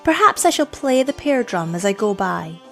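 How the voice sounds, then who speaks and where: A woman voicing a cool, scornful young village girl who speaks in a measured, superior way. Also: mid-range voice, very animated, gravelly, faint music behind.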